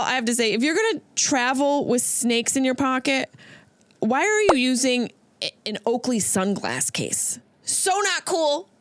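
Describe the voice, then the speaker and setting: A woman's voice: sits high, a bit bright, no echo. A woman comedian hosting her podcast, riffing through a comedic monologue and slipping into silly voices.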